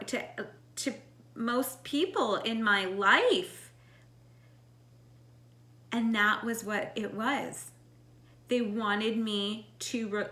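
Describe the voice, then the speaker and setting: A woman's voice: medium pitch, echoey room. A woman in her forties telling a personal spiritual story in a casual, earnest way, full of "like" fillers. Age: 40s. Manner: earnest, animated, many "like" fillers. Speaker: spiritual vlogger.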